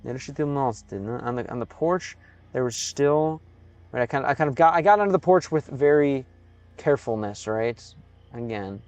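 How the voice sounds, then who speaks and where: An American man talking through a live stream in an easy, unscripted way. He stops and starts, repeats himself and slowly sounds out unfamiliar words. His pitch sits in an ordinary middle range, with soft music faintly underneath. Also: animated, smooth, dry recording. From United States. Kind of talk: casual live-stream commentary.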